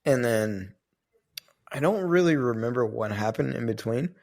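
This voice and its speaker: A man's voice: medium pitch, animated, moderate pace, creaky, darkish tone. A man co-hosting a podcast, telling a story in a rambling, casual way, with many fillers and some swearing. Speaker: podcast co-host.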